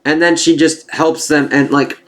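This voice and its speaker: A man giving a casual spoken review of a TV series, rambling and excitable, swearing freely as he goes. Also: a little high, normal speed, a little hiss or hum. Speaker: TV show reviewer.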